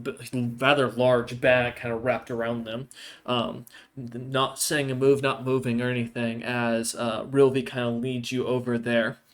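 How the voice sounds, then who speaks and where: Narrating as game master of a tabletop role-playing game, a man speaks in a mid-range, slightly bright voice. His descriptive narration rambles, full of fillers and restarts.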